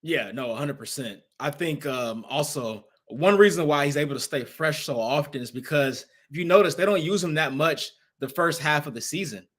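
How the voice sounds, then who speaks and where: Young man co-host, highish voice, laid-back, lots of "like". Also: moderate pace, few pauses, a bit bright. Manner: casual, leans on "like" and "man". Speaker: podcast co-host. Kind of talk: casual sports podcast chat.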